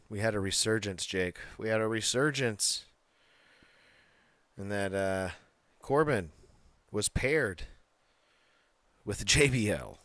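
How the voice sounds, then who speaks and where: A man's voice: fairly low pitch, fairly bright tone, no echo. A man co-hosting a casual wrestling podcast, talking bluntly, swearing freely and laughing often. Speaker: podcast co-host.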